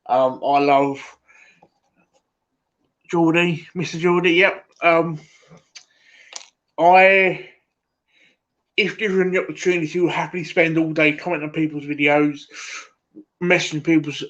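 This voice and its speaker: A man's voice: fairly high pitch, steady tone, a bit bright. Rambling Essex man on a lo-fi stream. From England. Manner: rambling, halting, full of fillers and "mate". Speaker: livestream host. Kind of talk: casual live-stream chat.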